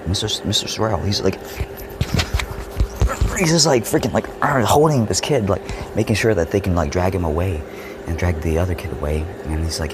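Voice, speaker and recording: A man casually telling a story from his school years, acting out the voices and swinging from whispers to shouts. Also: sits low, noisy background. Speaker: vlogger.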